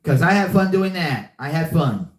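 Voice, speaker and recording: A slightly high-pitched man talks at a moderate pace, sounding animated. He's hosting a casual live podcast, rambling, repeating himself and using lots of fillers while reading the chat. The room is echoey.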